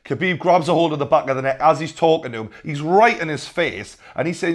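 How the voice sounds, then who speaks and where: A young man with a Geordie accent, hosting a comedic news rant with sarcastic, deadpan repeated punchlines. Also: a little high, brisk, hardly any pauses. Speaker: host.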